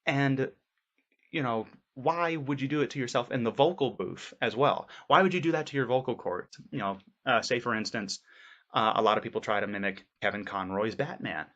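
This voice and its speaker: A man with a bright, forceful voice talks loosely and earnestly, full of "you know" and "uh". His voice comes through a dull, lo-fi recording. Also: mid-range voice, moderate pace. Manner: rambling, filler-heavy, earnest. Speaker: voice actor vlogger. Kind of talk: casual vlog advice.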